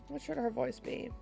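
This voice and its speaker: Gravelly-voiced woman streamer musing aloud. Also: sits high. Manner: musing aloud, self-mocking. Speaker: streamer playing a story game. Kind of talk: casual live-stream commentary.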